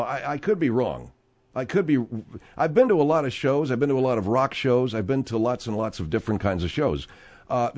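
A man's voice: mid-range voice, a little mellow. A man in his sixties hosting a radio talk show, rambling and joking in a sardonic way with his co-hosts. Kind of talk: casual radio banter.

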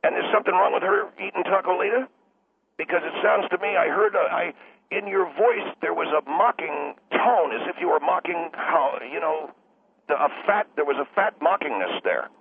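A man's voice: high voice, animated, moderate pace, vocal fry, noisy background, pitched above the performer's own voice. Man doing a whiny, lecturing co-owner on a phone line. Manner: lecturing, defensive, rambling. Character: pompous whiny male station co-owner on phone.

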